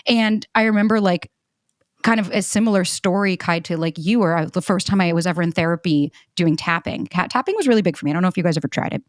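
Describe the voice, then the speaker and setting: A woman's voice: lowish voice, quick pace, no echo, clean studio sound. A woman in her thirties hosting a podcast in casual chat, emphatic and outspoken, swearing freely and acting out quotes. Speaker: podcast host.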